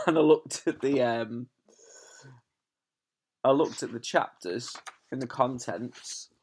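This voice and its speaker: A man's voice: mid-range voice, slow pace, long pauses, slight background noise. A man, a teacher chatting to his pupils and then reading a storybook aloud from his sofa at home, chatty and often laughing at himself. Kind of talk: casual chat then storybook read-aloud. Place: home living room, on a sofa. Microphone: camera in front of him.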